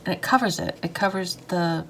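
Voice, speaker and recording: A woman's voice: lowish voice, fairly quick, slight background noise. A woman vlogging about art supplies while she draws, chatting casually in a rambling, hesitant, self-deprecating way. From United States. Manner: talks while drawing and coloring. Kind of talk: casual chat while drawing.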